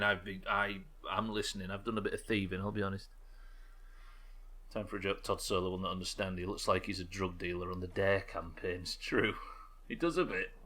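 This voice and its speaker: A man's voice: deep voice, pushed and bright. A man with an English accent giving sarcastic, sweary live commentary as a streamer while he plays.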